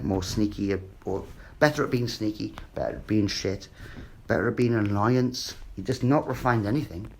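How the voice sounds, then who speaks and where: A man's voice: lowish voice, a little hiss or hum. A man, ranting in a rambling, sweary monologue and repeating himself. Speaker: vlogger.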